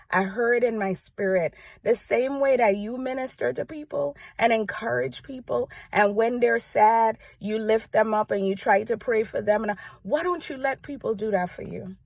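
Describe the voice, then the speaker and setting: A woman's voice: a little high, moderate pace, gravelly, few pauses, a little mellow, dry recording. Earnest heartfelt woman, dry close sound. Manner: earnest, heartfelt, conversational with frequent "right?". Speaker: church praise team member sharing encouragement. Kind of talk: personal devotional talk to camera.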